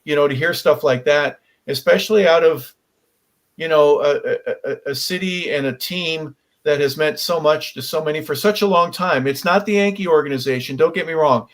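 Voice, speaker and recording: Brief: male radio host, slightly high voice, wordy questions. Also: moderate pace, a bit bright. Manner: asks long questions with fillers. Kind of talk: sports talk radio.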